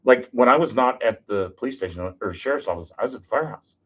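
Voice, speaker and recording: Animated man telling stories. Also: medium pitch, fast talker. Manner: animated, jokey, acts out quotes. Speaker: podcast guest. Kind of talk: casual storytelling. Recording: dull lo-fi podcast audio.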